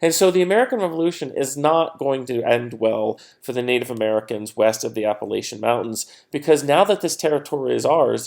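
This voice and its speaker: A man's voice: medium pitch, creaky, darkish tone. A man giving a recorded history lecture in a casual, conversational way, with frequent fillers and playful quoted voices. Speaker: history teacher.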